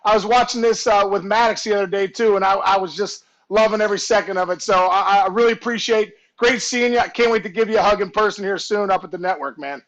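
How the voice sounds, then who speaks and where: A man on a video call telling a story in casual chat, animated and acting out voices and shouts as he goes. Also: high-pitched, quick pace, hardly any pauses, dull audio. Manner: animated, acts out voices and shouts in his stories. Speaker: guest storyteller, former ballplayer.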